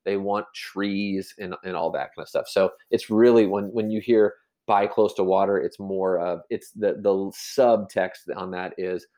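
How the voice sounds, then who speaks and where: A man's voice: deep voice, fairly even intonation, a little slow, few pauses, dark tone. A man explaining real estate in a casual podcast chat, rambling with many restarts and fillers. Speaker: real estate agent guest.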